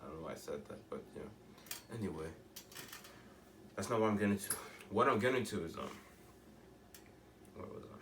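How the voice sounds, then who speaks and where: A man's voice: lowish voice, expressive, normal speed, long pauses, a bit bright, distant mic, slight background noise. Rambling teenage boy in an echoey room. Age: teens. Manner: rambling, restarts often, emphatic rhetorical questions. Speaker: vlogger. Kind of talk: casual monologue to camera.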